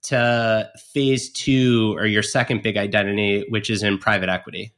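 A man's voice: on the low side, flat delivery, moderate pace, fairly bright tone. Chatty male podcast host. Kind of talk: casual interview questions.

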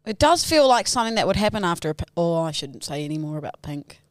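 A woman's voice: on the low side, very animated, fast talker, no room sound, studio quality. A woman, a podcast co-host in casual, joking chat. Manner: joking and teasing.

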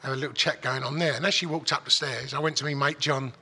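A man's voice: mid-range voice, steady tone, quick pace, pushed and bright, slightly rough, big-room sound. Sweary man telling a rambling story. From England. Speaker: guest. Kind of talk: casual storytelling.

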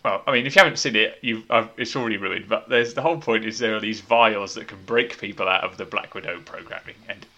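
A man's voice: fairly low pitch, fast talker, hardly any pauses, sharp tone, dull audio. A man hosting a casual movie review podcast, wry and opinionated as he leads the talk. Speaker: podcast host.

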